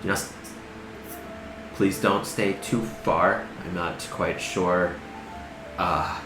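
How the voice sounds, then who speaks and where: A man's voice: low-pitched, steady tone, drawn-out words, background noise, voice pushed down. A man voicing a nervous, wary male character in a tabletop game, speaking hesitantly and pleadingly. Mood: anxious. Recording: roomy echo with music.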